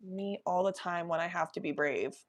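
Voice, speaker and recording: A young adult woman hosting a podcast, telling a story in an animated, profane, laughing way. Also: fairly low pitch, normal speed. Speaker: podcast host. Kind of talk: casual storytelling.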